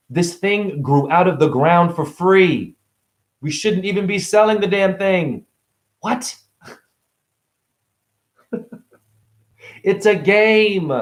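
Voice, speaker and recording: A middle-aged man vlogging in a casual, ranting monologue, jumping between loud outbursts and quiet asides. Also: high-pitched. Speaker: vlogger and spiritual teacher.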